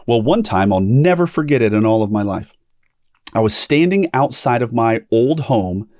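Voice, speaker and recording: A middle-aged man hosting a ministry podcast, telling a personal story with animated delivery and acted-out quotes. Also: medium pitch, normal speed, no echo, clean studio sound. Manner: animated storyteller, acts out quoted voices, repeats words. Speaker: podcast host and pastor.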